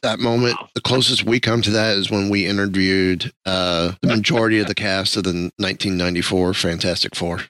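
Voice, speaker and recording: A man co-hosting a podcast, recalling an interview in casual, measured chat. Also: deep voice, steady tone, a bit bright, dry recording. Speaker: podcast co-host.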